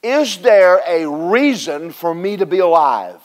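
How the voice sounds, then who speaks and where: Male preacher, high pitch, animated sermon delivery with call-and-response. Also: slow pace. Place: church service with congregation responding.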